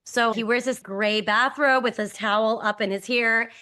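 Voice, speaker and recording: A woman co-hosting a podcast, retelling a story in a lively, storytelling way. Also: fairly high pitch, moderate pace, clean tone. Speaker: podcast co-host. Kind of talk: reflective conversational podcast.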